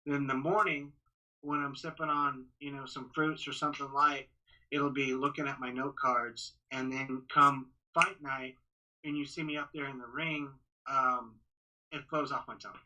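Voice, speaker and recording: Poor audio captures this mid-range male voice. In a relaxed podcast interview, the Texan ring announcer rushes along with eager energy, frequently starting over and saying words twice.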